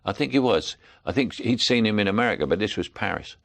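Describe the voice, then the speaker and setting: A man's voice: on the low side, expressive, fast talker, creaky, fairly bright tone. A man in his seventies with a Cockney accent, a guest chatting and telling anecdotes with frequent chuckles. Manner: chuckling storyteller, plays voices in anecdotes. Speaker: actor, guest. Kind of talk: anecdotal chat.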